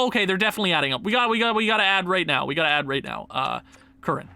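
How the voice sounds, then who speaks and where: A young man commentating his own video game play, excitable and quick to yell and laugh at the screen. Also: fairly high pitch, clean tone, dry recording. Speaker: gaming YouTuber.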